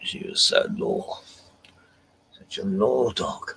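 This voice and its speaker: A drunk man hosts a live stream from a small caravan, rambling to his dogs between laughs and curses. His speech is slow and unhurried, but his pitch swings widely. A faint hiss sits under the voice. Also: lively intonation, gravelly, fairly bright tone, poor audio. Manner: rambling, swearing, laughing often.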